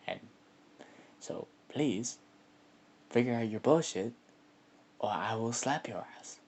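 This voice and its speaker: A man voicing a stern, crude god of mythical beasts who scolds his creatures slowly, with curses, in a storytelling video. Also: lively intonation, darkish tone. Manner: slow, low-key scolding with curses.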